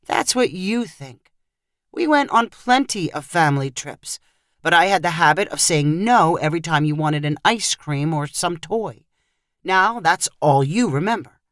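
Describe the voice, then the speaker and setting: A woman reading aloud as an easygoing, generous grandfather who speaks calmly and persuasively. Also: low voice, a little slow, no echo, studio quality.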